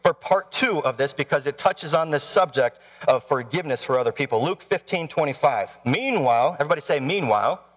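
A man's voice: on the high side, quick pace, hardly any pauses, a bit bright. A man in his thirties preaching a sermon, telling a story with animation and asking the congregation questions. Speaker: pastor. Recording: long hall reverb.

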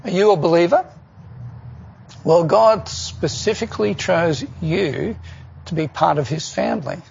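A man's voice: high voice, unhurried, gravelly, darkish tone, highs cut off, a little hiss or hum. A man preaching a sermon in an earnest way, often asking the listeners rhetorical questions.

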